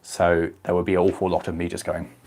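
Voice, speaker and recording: A man's voice: low voice, completely flat delivery, fast talker, creaky, a little mellow. A young man, chatting casually on a live stream and answering viewers' comments by name.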